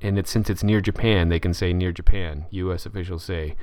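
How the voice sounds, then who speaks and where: A man with a lowish voice runs through the day's headlines and comments on them in a loose, wry way, often trailing off with "uh" and restarting. His sound is dry and close, with no room around it. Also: fairly even intonation, fairly quick, darkish tone, no room sound. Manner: offhand, wry, with frequent fillers and restarts. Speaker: podcast host reading headlines. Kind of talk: casual news commentary.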